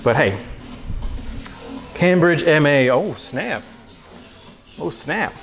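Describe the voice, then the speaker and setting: A man's voice: on the high side, animated, takes it slowly, vocal fry, fairly bright tone, soft background music, low-quality recording. Upbeat slangy man cooking on stream. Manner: upbeat, slangy and self-deprecating, chatting to viewers. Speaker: cooking livestream host. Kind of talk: casual livestream chat while cooking. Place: home kitchen.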